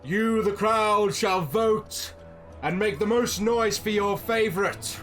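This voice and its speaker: A man voicing an old bearded gnome announcer who makes grand, drawn-out proclamations to a crowd. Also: sits high, a bit bright, faint music behind, pitched above the performer's own voice. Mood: grandiose.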